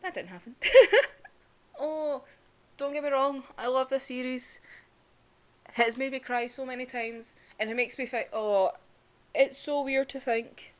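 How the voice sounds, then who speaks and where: A woman's voice: high voice, steady tone, a little slow, pauses often. A young woman, ranting casually and emotionally in a vlog, laughing often and swearing. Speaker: vlogger reviewing manga.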